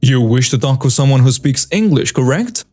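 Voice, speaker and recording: A man's voice: fairly high pitch, lively intonation, normal speed, warm tone, no room sound, soft background music. A narrator voicing a polite, overly formal male call-center agent with courteous phrasing.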